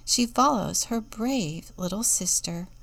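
A woman deacon reading a children's book aloud with expressive, sometimes whispered storytelling, then reflecting on it. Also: medium pitch, slow pace, creaky.

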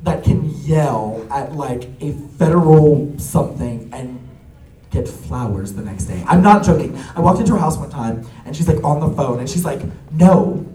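A young man telling family stories in casual chat, animated and laughing often, with lots of fillers. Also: mid-range voice, normal speed, slight background noise. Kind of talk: casual storytelling. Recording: echoey room, a bit far from the mic.

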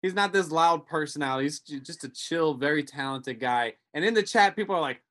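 A man guesting on a podcast, telling animated stories and acting out quotes in casual chat. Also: on the high side, a little fast. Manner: animated storyteller, acts out quotes.

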